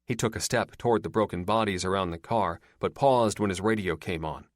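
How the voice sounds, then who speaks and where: A man narrating an audiobook in the first person with a steady, plain storytelling manner. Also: low-pitched, brisk, no room sound, clean studio sound.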